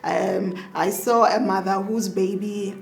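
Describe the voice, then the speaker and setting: A woman's voice: medium pitch, fairly even intonation, slow pace, gravelly, a little mellow. A woman with a Ghanaian accent, a doctor and mother, tells her birth story in a casual interview, acting out her own past words with laughter.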